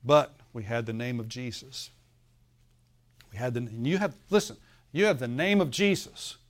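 A man's voice: mid-range voice, normal speed. A male pastor preaching a sermon, telling a story and often asking the congregation for an amen, with a laugh now and then.

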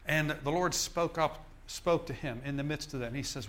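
A man's voice: on the high side, moderate pace, a bit bright. A male minister preaching a sermon in an emphatic, repetitive style, often restarting his phrases.

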